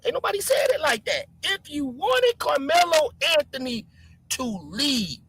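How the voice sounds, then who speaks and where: Live stream host, heated rant at chat, wide swooping pitch, sharp bright tone. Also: a little slow, low-quality recording. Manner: shouting, animated, mocking chatters by name.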